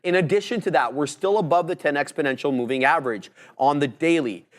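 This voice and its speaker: A man co-hosting a live trading show, mixing friendly banter with quick stock figures and price talk. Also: a little high. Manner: chatty, brotherly banter mixed with stock figures. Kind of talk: casual live market chat.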